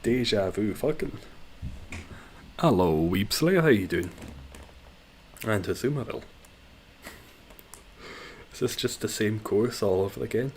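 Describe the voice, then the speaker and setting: A man's voice: lowish voice, animated, unhurried, pauses often, darkish tone, slight background noise. A man streaming a game live, chatting casually with viewers, reacting and swearing freely.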